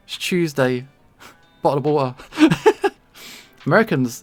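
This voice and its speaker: A streamer from England with a London accent, chatting casually and rambling while drawing, self-deprecating and quick to laugh. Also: mid-range voice, lively intonation, no echo, soft background music. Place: home streaming setup.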